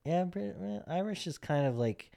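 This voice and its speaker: A man's voice: sits high, lively intonation, moderate pace, gravelly, warm tone. A man from Texas co-hosting a casual podcast chat, joking and provocative and laughing often. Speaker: podcast co-host.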